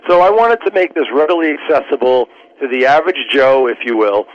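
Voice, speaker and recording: A man's voice: mid-range voice, animated, brisk. A man who works as a trial lawyer, a guest on a radio interview, explaining his points earnestly in persuasive, lawyerly terms. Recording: dull lo-fi radio sound.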